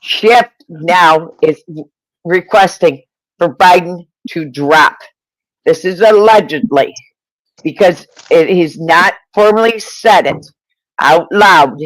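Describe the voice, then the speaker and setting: Man, high voice, slow careful delivery, repeats key words, dry sound. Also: fairly bright tone, no echo, low-quality recording. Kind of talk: reading and discussing news on a live panel.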